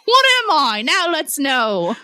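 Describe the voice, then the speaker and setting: A woman's voice: high voice, big pitch swings, slow pace, pushed and bright, no echo, pitched above the performer's own voice, heavily acted. A woman voicing a nosy, gossipy male servant in an exaggerated put-on accent, reading a play on a podcast with pompous, prying monologues.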